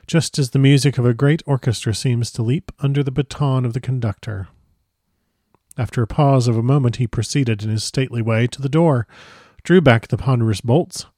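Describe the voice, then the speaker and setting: A man reading a first-person diary aloud as a dramatic audiobook narrator, measured and grave. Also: mid-range voice, mellow, dry recording, studio quality.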